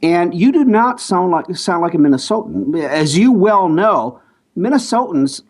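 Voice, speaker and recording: A male host with a fairly high, lively voice that moves around a lot. He interviews a guest in a halting way and keeps restarting his questions. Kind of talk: podcast interview.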